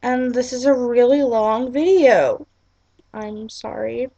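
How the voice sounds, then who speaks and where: Giggly young woman with a gravelly voice. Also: on the high side, animated, slow, mellow, no echo. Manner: giggly, apologetic, lots of "like" and "um". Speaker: vlogger. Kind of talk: casual rambling vlog chat.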